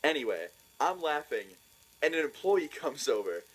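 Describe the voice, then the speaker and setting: A young man telling a funny story for a vlog, excitable and profane, laughing as he goes. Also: a little high, normal speed, poor audio. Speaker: vlogger.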